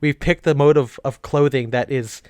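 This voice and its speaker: A man's voice: mid-range voice, fairly even intonation, normal speed, a little mellow, clean tone, no echo. A young man co-hosting a podcast, rambling and laughing often. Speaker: podcast co-host. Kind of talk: casual chat.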